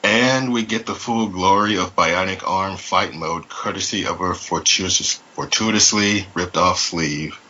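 A man's voice: low-pitched, unhurried, hardly any pauses, sharp tone, highs cut off. A man co-hosting a casual podcast, reading listener feedback aloud with amused asides.

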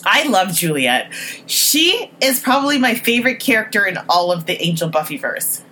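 A woman's voice: mid-range voice, sing-song, moderate pace, sharp tone, a little hiss or hum. Giggly woman doing casual TV commentary. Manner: chatty, giggly, reacting aloud while watching. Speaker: podcast commentator. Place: echoey room at home. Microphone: built-in computer microphone.

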